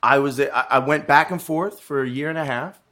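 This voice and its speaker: Man, mid pitch, casual podcast guest, rambling, swears a lot. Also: normal speed, sharp tone. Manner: rambling, swears, restarts often. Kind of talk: casual chat.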